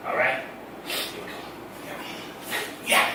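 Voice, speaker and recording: A man voicing a short-tempered, cursing middle-aged father who barks instructions gruffly. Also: slow, background noise, lightly acted. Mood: gruff, impatient. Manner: gruff, barking, swearing constantly. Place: theater stage. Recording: echoey room, distant mic, loud background.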